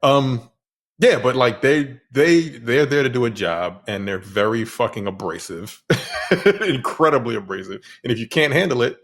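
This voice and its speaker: Husky man, lively and laughing. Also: medium pitch, moderate pace. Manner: laughing, emphatic storytelling. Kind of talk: casual film review chat.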